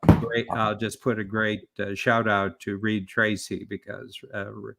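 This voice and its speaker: A man's voice: lowish voice, level tone, unhurried, vocal fry, very noisy. A man talking as a business coach and author in a live-streamed interview, explaining his ideas in a rambling way with many restarts.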